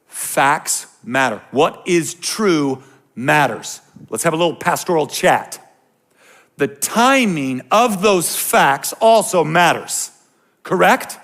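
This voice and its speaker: Male pastor with a high, raspy-edged voice, preaching and swinging between hush and shout, joking asides. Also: lively intonation, slow. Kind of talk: sermon to a congregation.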